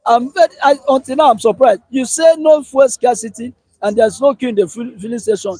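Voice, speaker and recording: High-voiced Nigerian man ranting. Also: brisk, no room sound, low-quality recording. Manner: animated, ranting, laughs while complaining. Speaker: interviewee. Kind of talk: street interview.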